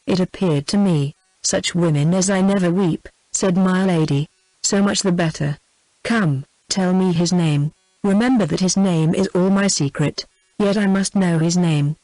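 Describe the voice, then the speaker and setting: A text-to-speech woman's voice with a British English accent, reading a novel aloud in an even, machine-like way. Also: fairly low pitch, measured pace, no room sound, low-quality recording. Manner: even synthetic reading, reads punctuation aloud. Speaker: audiobook reader. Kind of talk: text-to-speech audiobook narration.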